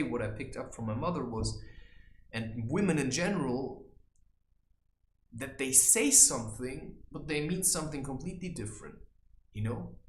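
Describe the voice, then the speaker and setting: Guy rambling advice, you know you know, mocks people in squeaky voices, pitch all over, roomy echo. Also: slight background noise. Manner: mocking, slips into high teasing voices. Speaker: vlogger giving life advice. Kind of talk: casual monologue to camera.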